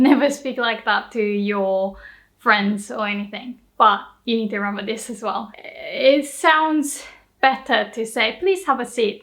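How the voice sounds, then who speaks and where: A young woman with a Japanese accent, teaching Japanese in a casual lesson, slowly repeating example phrases. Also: on the high side, fairly bright tone.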